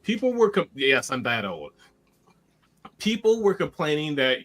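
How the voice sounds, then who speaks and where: A man in his forties chats on a podcast in a relaxed, wry manner. His voice sits a little high. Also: unhurried. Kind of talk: casual podcast chat.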